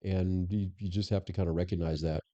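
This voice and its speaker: Man, low pitch, very warm dark tone, candid anecdotal storytelling, muffled podcast audio. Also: fairly even intonation, a little fast. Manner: candid, anecdotal, frequent restarts. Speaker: former police superintendent, guest. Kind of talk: conversational interview storytelling.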